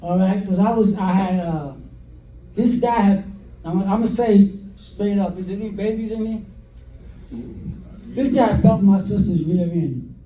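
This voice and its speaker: An older man telling stories from his past in a documentary interview, animated, acting out what people said, with hesitant fillers. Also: sits high, unhurried, long pauses, lo-fi sound. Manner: animated, acts out quoted dialogue with hesitant fillers. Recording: roomy sound from a distant mic, faint noise.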